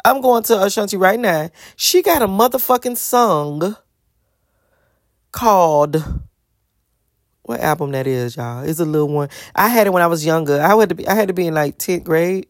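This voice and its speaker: Profane, animated young woman, dry sound. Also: lowish voice, moderate pace, no room sound. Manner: profane, animated, breaks into singing. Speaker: vlogger. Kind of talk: casual rambling commentary.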